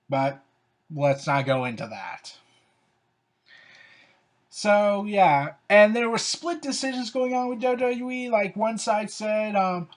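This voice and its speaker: Offering casual, unscripted opinion commentary on wrestling storylines, a fan commentator with a medium-pitched voice sounds sarcastic and plainly exasperated. He fills gaps with "so, yeah" and "like."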